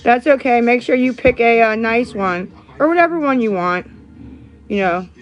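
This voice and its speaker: A woman's voice: a little high, normal speed, dull audio, faint music behind. A woman streaming live, chatting to viewers in a sarcastic, profane, rambling way. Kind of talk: casual live-stream chat.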